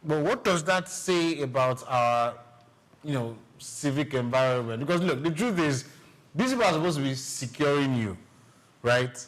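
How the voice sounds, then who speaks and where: A man's voice: medium pitch, expressive, moderate pace, rough recording. A man hosting a talk show, putting short prompting questions to his guest. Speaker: host. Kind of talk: casual chat.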